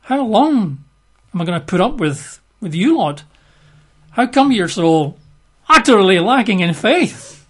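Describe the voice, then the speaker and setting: Exasperated teacher scolding his lot, as a preacher acts him out, lively mock-scolding. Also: on the high side, takes it slowly, heavily acted. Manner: lively, mock-scolding, casual modern phrasing.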